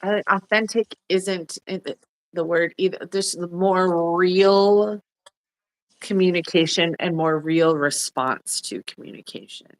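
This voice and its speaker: A woman co-hosting a reflective spiritual conversation, pausing and searching for the right words as she talks. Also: on the low side. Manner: searching for words, restarts to find the exact term. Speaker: co-host.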